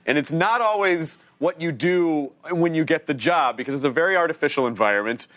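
A man hosting a TV talk show, asking questions in a quick, casual, joking way. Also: fairly high pitch, lively intonation, a bit bright.

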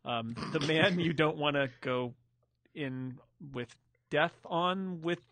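A man's voice: a little high, takes it slowly, a bit bright, no room sound. A man hosting a podcast discussion, rambling casually with restarts and fillers. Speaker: podcast host. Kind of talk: casual chat.

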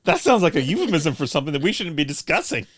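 A man's voice: on the high side, very animated, fast, slightly rough, no echo, studio quality. A man from Indiana co-hosting a casual film-review podcast, teasing and questioning with wry humor. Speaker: podcast co-host.

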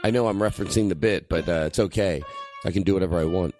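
A man hosting a comedic podcast, rambling excitably and breaking into shouts and laughs on a lav mic. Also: low-pitched, fast talker, soft background music. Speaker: podcast host. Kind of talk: loose comedic chat.

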